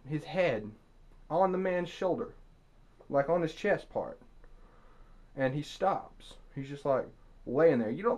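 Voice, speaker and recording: A young man with a slightly high voice rants sarcastically into his camera mic. His storytelling is crude and full of profanity. He breaks now and then into loud mock screams. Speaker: vlogger. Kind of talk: ranting commentary to camera.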